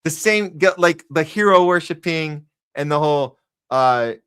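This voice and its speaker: Ranting podcast host, bright edgy voice. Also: male voice, a little high, expressive, measured pace, smooth. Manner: ranting, sarcastic, heated; talks to a chat audience. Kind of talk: live news commentary podcast.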